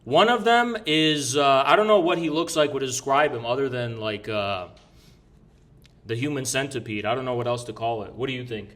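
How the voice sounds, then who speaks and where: A man's voice: mid-range voice, moderate pace, a bit bright. A man telling a story in casual chat, brash and profane, rambling with restarts. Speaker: podcast guest recounting an event.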